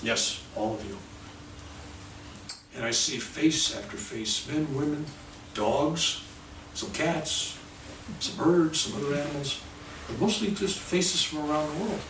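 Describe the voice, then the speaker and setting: Animated older man lecturing in a roomy hall. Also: on the high side, measured pace, pauses often, background noise. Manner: animated storytelling, acting out dialogue. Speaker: workshop speaker. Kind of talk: spiritual workshop lecture. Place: workshop room. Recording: roomy sound from a distant mic.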